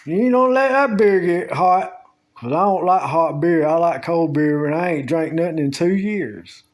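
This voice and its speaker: Slow-drawling man, rambling. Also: on the high side, expressive. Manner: slow, drawling, meandering storytelling with Southern US grammar. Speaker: vlogger. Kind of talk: rambling casual monologue. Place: at home with the door open.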